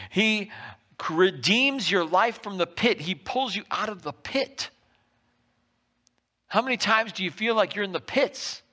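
A man's voice: high-pitched, bright, forceful tone. A man preaching a sermon in a church worship center, emphatic and repetitive, stretching out key phrases. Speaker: pastor.

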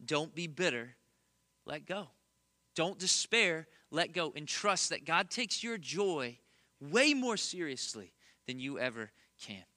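A man's voice: fairly high pitch, sing-song, takes it slowly, sharp tone, dry recording, studio quality. A man in his thirties preaching a conversational sermon, earnest, with emphatic repetition and self-deprecating humor. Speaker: pastor.

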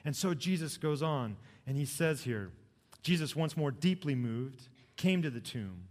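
A male pastor preaching a sermon, dramatic, swinging from loud emphatic peaks to soft low lines. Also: lively intonation, a little slow, in a large hall.

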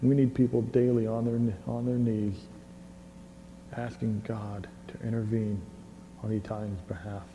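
A man preaching a sermon and leading prayer in a conversational, animated way, often repeating words, recorded on a clip-on mic. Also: fairly low pitch, normal speed, muffled recording. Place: church service hall. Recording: reverberant hall with faint hum.

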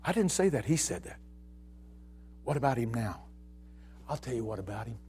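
A man preaching a sermon, telling a story with stammered restarts and swinging between hushed lines and shouts. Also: medium pitch, big pitch swings, normal speed, faint music behind.

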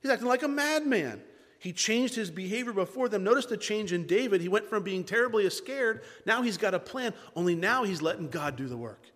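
A man's voice: high-pitched, big pitch swings, brisk, hardly any pauses, a bit bright. A man preaching a sermon as pastor, emphatic and repeating key phrases. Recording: long hall reverb.

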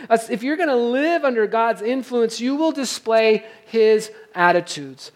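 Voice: medium pitch, a little slow, few pauses. A pastor preaching a sermon in a conversational way, reading scripture aloud and checking in with the listeners. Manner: reads scripture aloud between comments.

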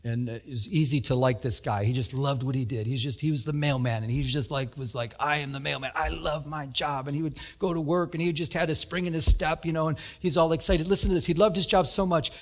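A middle-aged man preaching a sermon, telling stories with animated energy and laughter. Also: quick pace, few pauses. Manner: animated storytelling, laughing, rising to high emphatic peaks. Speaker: pastor.

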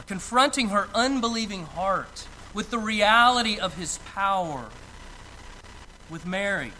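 Slow, high-voiced preaching pastor. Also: male voice, sharp tone, a little hiss or hum, low-quality recording. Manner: slow, deliberate preaching with emphatic pauses. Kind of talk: sermon.

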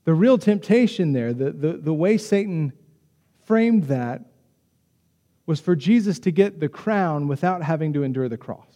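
A man delivers a sermon with a high, mellow voice. He preaches in a chatty, animated way and keeps slipping into quick acted asides. His voice rings through a hall with a long reverb. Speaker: pastor.

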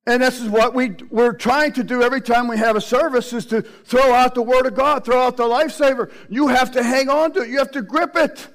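A man preaching a sermon with animated delivery, acting out the voices he quotes. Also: very high-pitched, brisk, few pauses, poor audio.

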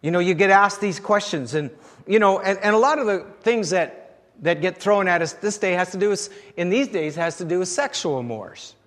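A man's voice: sits high, moderate pace, a bit bright, big-room sound. A man preaching a sermon in a conversational way, putting rhetorical questions to the congregation. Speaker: pastor.

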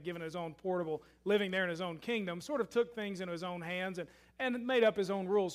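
A man preaching a sermon and telling a story, shifting between loud emphasis and hushed asides. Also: sits high. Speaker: pastor.

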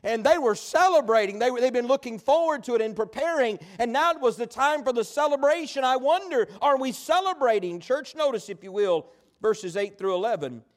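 A man preaching a sermon, telling stories in a folksy, animated way. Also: very high voice, fairly quick. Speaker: pastor.

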